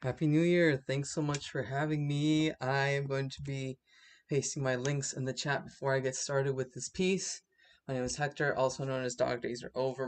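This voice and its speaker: A man's voice: medium pitch, gravelly. A man performing a rhythmic spoken-word poem over a video call, building intensity as it goes. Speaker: poet.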